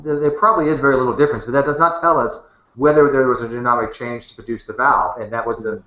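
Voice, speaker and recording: Fast, bright-voiced male host. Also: mid-range voice, echoey room, dull audio. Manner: thinks aloud with many restarts. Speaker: host and moderator. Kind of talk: casual debate chat. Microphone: webcam headset or desk mic.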